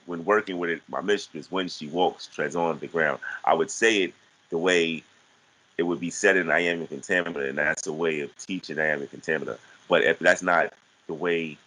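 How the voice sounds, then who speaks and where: A man with a very low, deep voice that still carries a bright, forceful edge. He explains teaching ideas in a relaxed, conversational way, often stumbling over restarts and repeating words before finding his point. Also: low-quality recording. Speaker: guest teaching artist. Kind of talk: casual conversational teaching talk.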